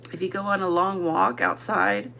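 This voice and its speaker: A woman teacher giving a slow, deliberate vocabulary lesson to young children, sounding out words letter by letter and sometimes dropping to a whisper. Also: on the low side, fairly even intonation, vocal fry, bright, forceful tone, slight background noise.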